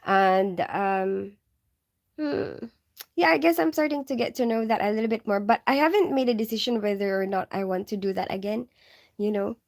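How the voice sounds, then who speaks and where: A woman's voice: mid-range voice, moderate pace, darkish tone. A woman from the Philippines with a mixed Filipino and English accent, a nurse chatting casually on a livestream, giggling often and leaning on "like" and "you know". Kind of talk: casual livestream chat reading viewer questions.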